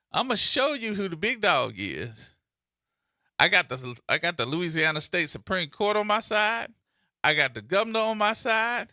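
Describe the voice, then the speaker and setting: A man's voice: high-pitched, sharp tone, no room sound, clean studio sound. A man, hosting a talk radio show with playful, theatrical commentary and mocking put-on voices. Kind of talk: animated commentary with mock skits.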